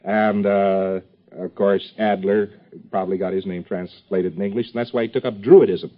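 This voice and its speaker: A man's voice: on the low side, fairly even intonation, normal speed. A man giving an informal lecture to a class, rambling with joking asides and many fillers. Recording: dull lo-fi old tape recording.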